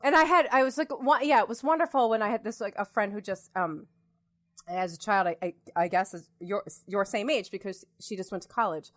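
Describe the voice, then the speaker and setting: A woman's voice: mid-range voice, brisk, fairly bright tone. A middle-aged woman co-hosting a podcast, talking in an emphatic, reassuring casual chat. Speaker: podcast co-host.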